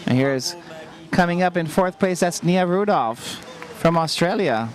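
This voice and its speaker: A man giving live sports commentary as race results come in. He announces each finisher with excitement and calls out to the audience. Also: sits high, unhurried. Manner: excited, announcing, repeats "ladies and gentlemen". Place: outdoor race finish area. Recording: outdoor event with crowd behind.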